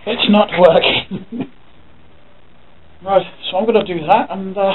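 An English man chats loosely to camera, wandering from one thought to the next with the odd curse. His voice sits a little high for a man. The recording is tinny and narrow, like a phone call, with a faint hiss behind it. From England. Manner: rambling, thinking aloud, swears casually. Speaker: vlogger. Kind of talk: casual talking to camera.

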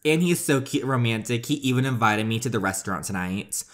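A man's voice: medium pitch, lively intonation, fast, fairly bright tone, lightly acted. A man voicing a sweet young woman gushing about her new boyfriend in a story game.

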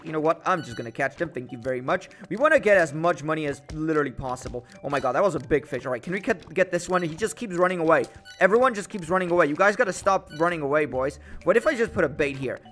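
A man giving excitable, joking let's-play commentary, trash-talking the fish as he plays a game. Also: a little high. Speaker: gaming YouTuber.

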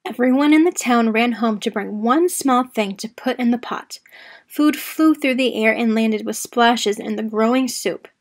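Expressive woman reading a children's story. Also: fairly high pitch, measured pace.

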